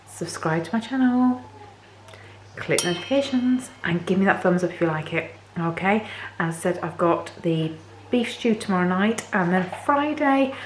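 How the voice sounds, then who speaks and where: A woman vlogging casually to camera in her home kitchen, chatty and a little hoarse. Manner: chatty, talks to her dogs in a high sing-song voice. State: voice a bit hoarse. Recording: echoey kitchen, faint background noise.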